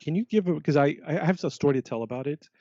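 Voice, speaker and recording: A man, a podcast guest, telling a story in casual chat, animated and quoting himself often. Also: on the high side, fast talker, no room sound. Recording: dull lo-fi sound.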